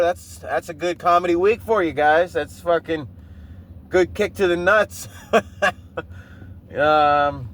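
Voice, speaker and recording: A man's voice: high voice, a little slow. A man in his thirties hosting a podcast, telling a rambling, profane personal story and often breaking into laughter. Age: 30s. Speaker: podcast host. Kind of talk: casual monologue.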